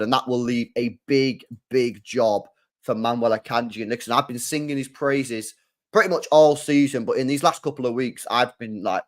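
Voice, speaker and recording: A young man hosting a live football watchalong, making his points emphatically and repeating them. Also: mid-range voice. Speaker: host.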